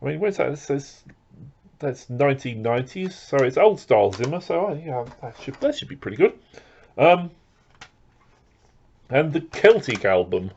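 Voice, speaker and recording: Middle-voiced man, unhurried unboxing chat full of ums and restarts; muffled lo-fi home recording. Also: mid-range voice, darkish tone, husky. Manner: rambling, with many fillers and restarts. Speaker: record collector vlogger.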